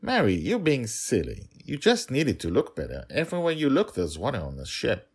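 A man's voice: medium pitch, huge pitch swings, moderate pace, a little mellow, husky, voice pushed up, exaggerated voice. A man voicing a swashbuckling pirate father who is brusque and dismissive. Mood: annoyed.

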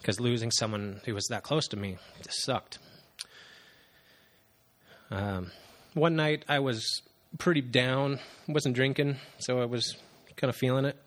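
A man in his thirties giving an earnest, halting personal testimony to a congregation, with frequent pauses and fillers. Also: mid-range voice. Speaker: church member giving testimony.

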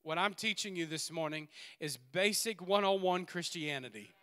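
A man preaching a sermon in a church, swinging between loud exhortation and quiet asides and laughing often. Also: sits high, normal speed, smooth. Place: church sanctuary.

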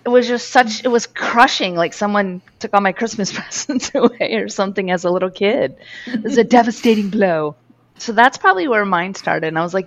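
A woman who works as a dog behavior professional, chatting casually on a podcast and telling stories with lively acted-out quotes. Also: mid-range voice, brisk. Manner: animated storytelling with acted-out quotes. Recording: muffled lo-fi audio.

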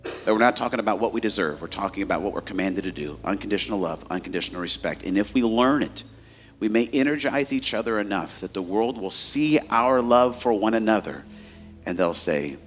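A man's voice: fairly low pitch, animated, brisk. A man in his forties preaching a sermon as a pastor, telling candid, self-mocking stories and addressing the crowd as guys.

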